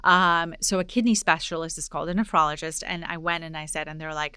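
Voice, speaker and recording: A woman in her forties from Poland, hosting a podcast and telling a personal story in a lively way, acting out the dialogue. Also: low-pitched, fast, clear, resonant tone, no echo. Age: 40s. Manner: animated storyteller, acts out dialogue. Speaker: podcast host. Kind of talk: casual interview storytelling.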